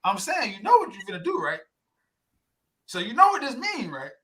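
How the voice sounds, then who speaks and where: Speaking at a normal pace in a high-pitched voice, this podcast co-host keeps the casual chat lively and blunt, cursing a lot and doing voices when he quotes people.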